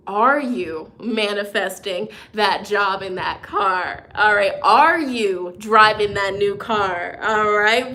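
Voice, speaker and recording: Bright-voiced woman giving a tarot reading. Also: medium pitch. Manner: encouraging, chatty, frequent "okay?" check-ins; reads out viewer comments. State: runny nose. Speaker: tarot reader. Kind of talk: live tarot forecast reading.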